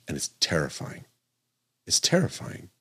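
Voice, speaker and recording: A man's voice: deep voice, wildly swooping pitch, unhurried, vocal fry, bright, forceful tone, breathy edge. A middle-aged man, a doctor hosting a podcast, talking earnestly and emphatically, repeating his points and correcting himself aloud. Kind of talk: podcast monologue.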